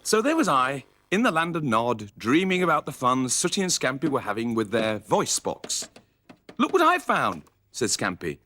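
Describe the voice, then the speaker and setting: A man narrating a children's puppet story, lively and quick to slip into character voices. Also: mid-range voice.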